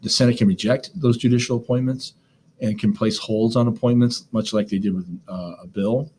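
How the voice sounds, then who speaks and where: A man's voice: lowish voice, steady tone, moderate pace, a little mellow, a little hiss or hum. A man teaching a government lesson in a conversational way, with plenty of fillers and side remarks. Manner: conversational, lots of fillers, asides. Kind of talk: recorded class lecture on government notes.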